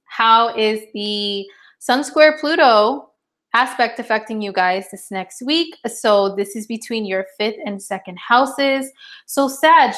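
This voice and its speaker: Speaking in a slightly high voice, a thirty-something astrologer gives a relaxed horoscope chat. She's lively and talkative, plays out small dialogues, and laughs a lot.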